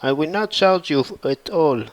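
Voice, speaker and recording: A man voicing a kind, generous male farmer who speaks gently and a bit hesitantly. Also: a little high, animated, normal speed, no room sound, close to an everyday voice, low-quality recording.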